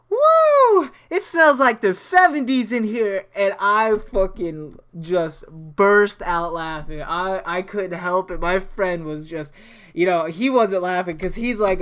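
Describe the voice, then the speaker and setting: Young man, gaming host, casual storytelling, smooth voice, laid-back, swears a lot, rambling. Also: high voice, fairly bright tone. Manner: laid-back, swears freely, laughs often; rambling with frequent restarts. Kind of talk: casual storytelling over gameplay.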